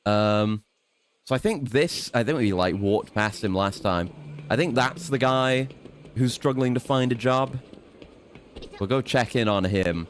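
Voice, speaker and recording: A man's voice: mid-range voice, unhurried, slight background noise. A man streaming a video game, rambling and swearing casually as he plans his next moves and mocks himself. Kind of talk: casual let's-play commentary.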